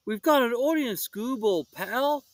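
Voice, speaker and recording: A man voicing a panicky, easily scared lanky young man with a high yelping voice. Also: animated, a little slow, no room sound. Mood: protesting.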